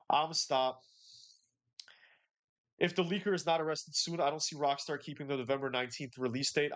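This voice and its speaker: A man's voice: mid-range voice, fairly bright tone. A man hosting a casual livestream. He is laid-back and slangy, and he reads out chat messages and answers them. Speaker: livestream host.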